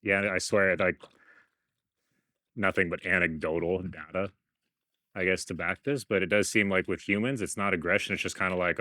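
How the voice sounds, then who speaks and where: A man with a somewhat low voice walks through a dog's temperament test in an easy, explanatory way. He works with the dog outdoors, sometimes cooing at him between points. The sound is close and dry. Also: moderate pace, pauses often, no echo. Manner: relaxed, explanatory, coos at the dog. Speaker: dog rescue worker. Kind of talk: casual explaining while handling a dog.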